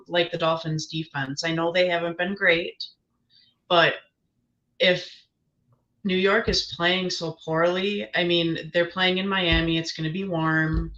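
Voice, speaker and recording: A woman's voice: on the low side, steady tone, measured pace, sharp tone, dull audio. A woman guest giving her picks in casual chat, hesitant, with many ums and restarts. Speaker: guest analyst.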